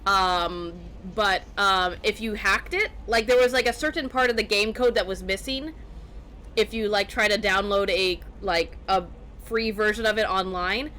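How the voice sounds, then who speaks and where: Brief: female let's player, bright tone, rambling casual commentary with fillers. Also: mid-range voice, moderate pace, a little hiss or hum. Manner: chatty, rambling, many fillers. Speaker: let's play streamer.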